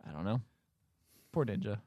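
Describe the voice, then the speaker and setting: A man's voice: lowish voice, animated, normal speed, no room sound, dull audio. A man co-hosting a podcast, retelling a movie's plot in a sarcastic, exasperated way with casual swearing. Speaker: podcast co-host recapping a movie. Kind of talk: casual chat.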